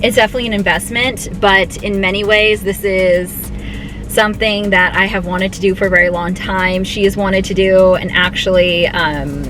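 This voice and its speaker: Young woman, chatty vlog talk, excitable, fillers and restarts, music underneath. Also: medium pitch, moderate pace, poor audio. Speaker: vlogger. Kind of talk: casual vlog chat. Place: car, then store and home.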